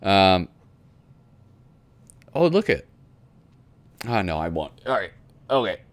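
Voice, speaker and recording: A man's voice: deep voice, sing-song, slow, no room sound. A man hosting a casual magazine flip-through, reading letters aloud and rambling with frequent chuckles. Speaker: host flipping through a magazine.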